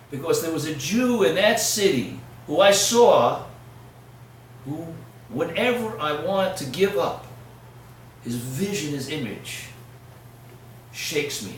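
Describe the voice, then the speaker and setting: Rabbi preaching in an echoey hall. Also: male voice, on the high side, expressive, slow, far from the mic, slight background noise. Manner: swings from hushed to loud and emphatic. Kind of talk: sermon with storytelling. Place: lecture hall.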